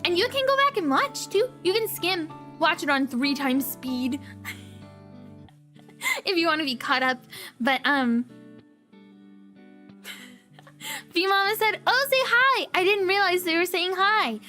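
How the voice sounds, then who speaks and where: A woman's voice: extremely high pitch, expressive, slow pace, long pauses, sharp tone, soft background music. A young woman streamer chatting casually and telling a story in a bubbly, giggly way. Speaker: variety streamer.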